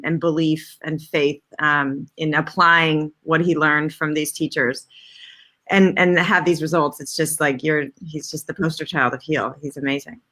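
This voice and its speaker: A woman's voice: sits low, sharp tone. A woman co-hosting a podcast, an effusive, gushing documentary filmmaker. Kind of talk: casual chat.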